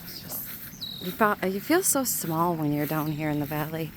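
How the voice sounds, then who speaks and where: A woman with a somewhat low voice talks casually to her viewers while walking outdoors in a quiet valley. Her phone picks her up in the open air, with clear nature noise of water and insects all around. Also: animated. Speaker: vlogger. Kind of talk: casual nature walk vlog. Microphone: handheld phone camera. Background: rushing water, insects and birds.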